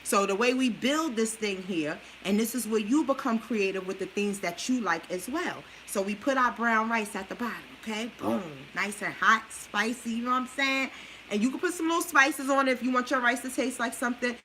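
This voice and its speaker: A woman's voice: on the high side, fairly quick, bright, forceful tone, slight background noise, poor audio. A busy mom chatting through a meal plan while she cooks, coaching her viewers in a casual, chatty way. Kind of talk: casual cooking livestream.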